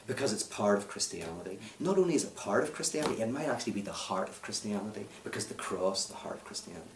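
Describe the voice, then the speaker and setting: A man's voice: lowish voice, expressive, fast talker, hardly any pauses, slight background noise. A Northern Irish man being interviewed, telling a story and making a challenging, emphatic case. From Northern Ireland. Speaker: speaker and author, interview guest. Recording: roomy, distant mic.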